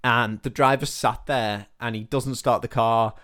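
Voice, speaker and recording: A man casually retelling a film plot as a podcast host, animated, swearing freely and acting out the characters' lines. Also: mid-range voice, measured pace.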